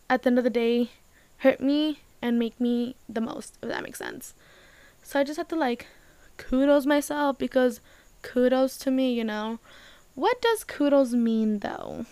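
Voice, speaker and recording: A woman's voice: sits high, a little slow, a little mellow, clear, resonant tone, no room sound. A young woman talking casually and emotionally to her viewers, rambling with many fillers, close to tears. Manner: rambling, emotional, heavy use of "like", swears casually. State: tearful. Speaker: vlogger. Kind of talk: casual personal talk to camera.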